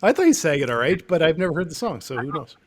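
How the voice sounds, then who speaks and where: A man's voice: fairly high pitch, big pitch swings, quick pace, slightly rough. A man from Canada with a Canadian accent, co-hosting a podcast in easygoing casual chat, laughing often. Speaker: podcast co-host.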